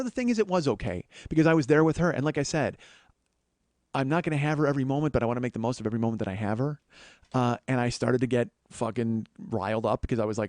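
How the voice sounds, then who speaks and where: A man hosting a podcast, telling a personal story in a storytelling monologue, swearing often and getting louder and higher when worked up. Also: fast talker, no room sound, studio quality. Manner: profane, excitable, voice rising when worked up. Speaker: podcast host.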